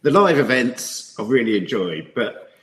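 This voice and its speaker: A man's voice: mid-range voice, very animated, measured pace, fairly bright tone. A man co-hosting a podcast, casually asking questions and reacting briefly. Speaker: podcast co-host. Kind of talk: casual chat.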